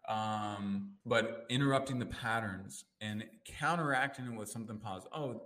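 Speaking at a normal pace, this man, a life coach and NLP practitioner, lays out his methods with energy during a casual interview, switching pitch abruptly to perform inner voices.

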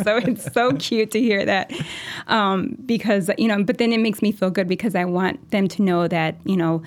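A woman's voice: medium pitch, fairly even intonation. A woman in her thirties talking casually as an interview guest, chatty and full of fillers. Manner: chatty, many "you know" fillers, quick laughs. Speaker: mortgage lender, interview guest.

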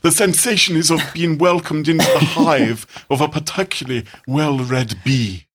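A man's voice: fairly high pitch, moderate pace, fairly bright tone, husky, voice pushed up. A man putting on the voice of a pompous upper-class male art critic, drawling and grandly pretentious.

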